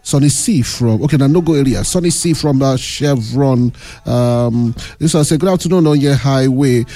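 A man's voice: mid-range voice, mellow. A man with a Nigerian accent hosting a radio call-in show, chatting with callers and reading out listener messages. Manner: chatty, laughing, drawn-out fillers while reading. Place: radio studio.

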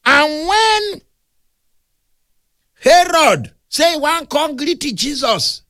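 A man with a Nigerian accent preaching a humorous, animated sermon that mixes storytelling with playful big words. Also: very high-pitched, extremely slow, dry recording, clean studio sound.

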